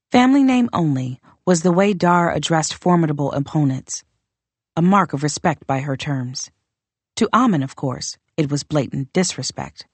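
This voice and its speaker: A woman reads a fantasy novel aloud in a low, steady voice. The recording is close and dry, with no room sound. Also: moderate pace, husky, no echo. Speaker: audiobook narrator. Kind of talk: first-person fantasy novel narration.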